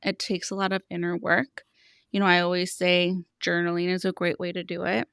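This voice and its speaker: A woman's voice: on the low side, monotone, fairly quick, creaky, a bit bright, clear, resonant tone, no echo, studio quality. A woman in her thirties, a money coach, talking earnestly on a podcast and explaining with stories about her clients. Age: 30s. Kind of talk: podcast conversation, storytelling.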